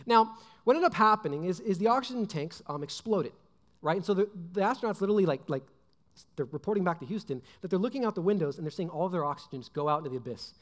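A man's voice: high-pitched, lively intonation, fast. A young adult man giving a casual sermon, chatty and full of fillers like "like" and "right?". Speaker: preacher. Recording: long hall reverb.

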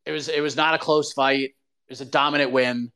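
A man hosting a live talk show, talking in a casual, animated and opinionated way. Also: mid-range voice, a little fast, clear, resonant tone. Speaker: show host.

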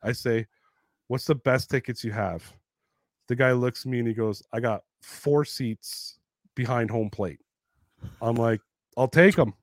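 A man in his thirties telling sports stories in a casual podcast chat, animated and heavy on swearing. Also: medium pitch, unhurried, long pauses, no echo. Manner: profane, animated storyteller. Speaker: podcast co-host.

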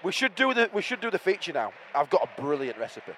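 A man with a high, bouncy voice that leaps up and down as he banters. He co-hosts a football podcast from the stands, playful and mocking. A faint background noise sits under his voice outdoors. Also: sing-song, quick pace, pushed and bright. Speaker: podcast co-host. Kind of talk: casual football podcast chat.

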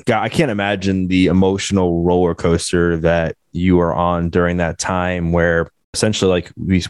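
A man's voice: low-pitched, a little mellow, smooth, no echo, clean studio sound. A man hosting an interview, steadily recapping his guest's story. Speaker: podcast host.

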